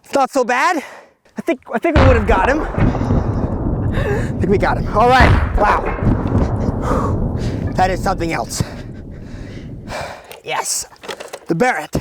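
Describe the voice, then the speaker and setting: A man's voice: high-pitched, big pitch swings, slow pace, long pauses, noisy background. A man appearing as a guest at an outdoor shooting range, easygoing, exclaiming at big hits and hesitating with fillers when put on the spot. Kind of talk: casual chat.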